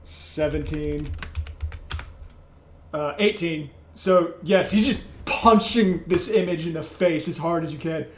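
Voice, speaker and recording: Brief: a man, higher voice, animated player in a tabletop role-playing session. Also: slow, echoey room, slight background noise. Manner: animated, shouts in-character lines. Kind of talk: playing a tabletop game in character.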